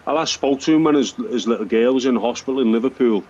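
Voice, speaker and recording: A former boxer acting as a radio pundit, speaking in a halting, thoughtful way with many restarts. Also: male voice, mid-range voice, darkish tone. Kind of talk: radio sports chat. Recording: dull broadcast audio.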